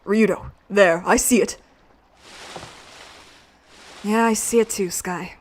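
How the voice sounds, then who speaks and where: Lady dropping her voice for a moody young swordsman guy, quiet and grudging. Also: steady tone, takes it slowly. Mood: brooding. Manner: low, subdued, grudging. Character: brooding young male swordsman.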